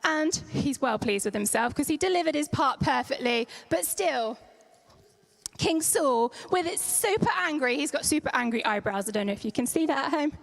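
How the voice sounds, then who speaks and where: Woman, playful children's storyteller, high pitch, creaky voice, hall reverb. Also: lively intonation, normal speed. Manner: playful, slangy, dramatic asides. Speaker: children's church leader.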